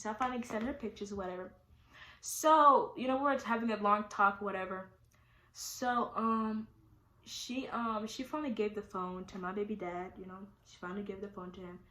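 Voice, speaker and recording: A woman's voice: medium pitch, fairly quick, bright, forceful tone. A young woman telling a personal story to her viewers in a loose, rambling, candid way, full of fillers. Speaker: vlogger. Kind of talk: casual storytime. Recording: echoey room.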